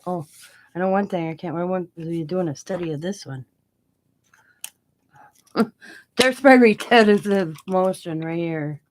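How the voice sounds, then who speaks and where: A middle-aged woman hosts a crafting channel, chatting casually while she works and laughing often as she tells stories. Her lowish voice moves at a normal speed with frequent pauses, and the audio is poor, with slight background noise.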